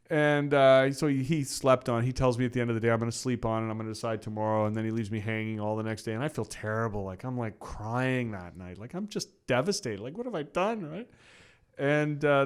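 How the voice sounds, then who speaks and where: Man, middle-aged, casual storyteller, smooth clear voice, fillers, acts out conversations. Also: mid-range voice. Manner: animated storyteller, acts out quoted exchanges, frequent fillers. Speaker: podcast guest.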